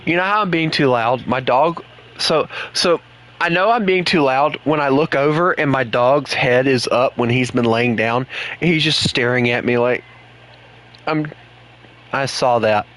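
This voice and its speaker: A man's voice: medium pitch, a little slow, fairly bright tone. A man chatting casually at home while he plays an online game with friends, rambling and joking with his teammates. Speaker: gaming streamer. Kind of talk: casual chat while gaming.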